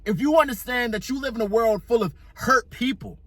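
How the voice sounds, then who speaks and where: A young man with a very high-pitched, fairly bright voice speaks fairly quickly on a dry recording. The self-improvement vlogger gives a casual, profane motivational monologue in slang, explaining things through an extended analogy.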